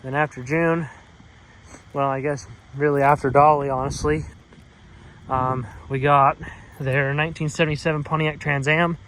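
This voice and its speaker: A man's voice: fairly high pitch, steady tone, moderate pace, long pauses, fairly bright tone, a little hiss or hum, poor audio. A man casually talking through work on his old trucks outdoors, rambling with lots of "so, yeah" fillers and the odd curse. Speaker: mechanic vlogger. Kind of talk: casual shop vlog. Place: outdoors at a home car shop.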